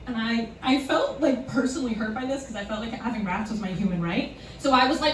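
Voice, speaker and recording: Her voice a little high and her pace normal, a young woman performs stand-up live in a small comedy club theater. She jokes at her own expense and laughs through the punchlines, captured in a noisy, distant recording with echo from the club room.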